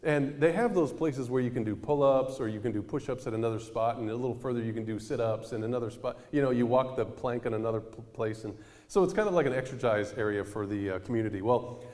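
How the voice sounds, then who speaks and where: Animated storytelling preacher man in a reverberant hall. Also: mid-range voice, fast. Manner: animated storyteller, acting out quoted voices. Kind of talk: storytelling sermon.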